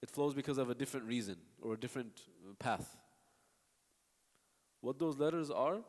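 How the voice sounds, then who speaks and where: This recitation lesson comes from a man with a slightly mellow, medium-pitched voice at normal speed. He explains with patience, stops to demonstrate sounds and answers students, and the recording has long hall reverb.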